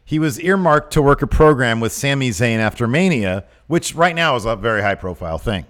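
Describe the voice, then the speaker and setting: A man's voice: mid-range voice, fairly quick. A man co-hosting a casual wrestling podcast, getting worked up and exasperated as he talks. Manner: animated, gets worked up and exasperated. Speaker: podcast co-host.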